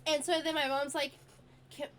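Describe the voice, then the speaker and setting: Chatty high-voiced woman with a cough. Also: level tone, moderate pace, noisy background. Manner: chatty and exasperated, lots of "like" fillers. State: sick with a cough. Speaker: streamer. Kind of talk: casual chat, storytelling.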